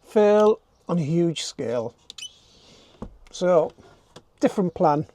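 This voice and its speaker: A man's voice: sits high, animated, slow, dark tone. Chatty older man fixing his camper van. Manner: chatty, self-mocking, thinking aloud while working. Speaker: vlogger. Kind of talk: casual DIY vlog talk to camera. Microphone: handheld camera.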